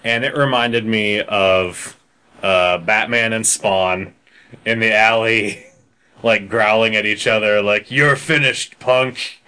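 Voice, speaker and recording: A man's voice: fairly low pitch, steady tone, slow pace, sharp tone, clear, resonant tone. A man in a casual chat reviewing a film, amused and jokey, mocking the dialogue between laughs. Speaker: podcast co-host.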